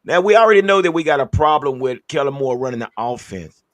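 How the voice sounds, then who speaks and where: A man's voice: medium pitch, expressive, fast talker, no room sound. A male co-host on a sports talk show, asking pointed questions.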